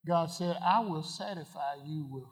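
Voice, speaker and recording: A man preaching a sermon, asking the congregation questions and swinging from quiet asides to loud declarations. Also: a little high, unhurried. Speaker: pastor.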